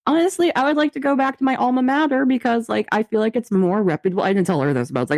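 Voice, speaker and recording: A woman's voice: a little high, animated, fast talker, few pauses, a little mellow, dry recording. A woman in her twenties from Canada, co-hosting a casual podcast chat, telling stories with lots of laughter and acted-out quoted exchanges. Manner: giggly storyteller, acts out quoted exchanges. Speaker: podcast co-host.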